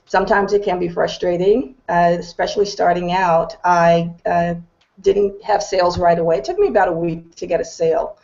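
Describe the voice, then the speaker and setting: Gravelly low-voiced middle-aged woman. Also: darkish tone, muffled recording. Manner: earnest, determined, candid storytelling. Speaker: business testimonial speaker. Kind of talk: personal testimony on a group video call.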